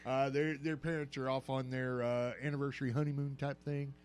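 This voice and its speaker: A man's voice: medium pitch, level tone, fairly quick, darkish tone, a little hiss or hum. An older man hosting a morning radio talk show, joking and rambling with lots of fillers. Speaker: radio host. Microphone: studio microphone.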